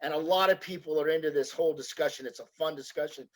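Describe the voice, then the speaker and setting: A middle-aged man from the United States talks over a video call about his woodworking in a rambling, folksy way. His voice sits slightly higher than most men's, and he trips over his own restarts as he goes. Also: quick pace, low-quality recording. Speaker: woodworker guest. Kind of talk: casual video-call conversation.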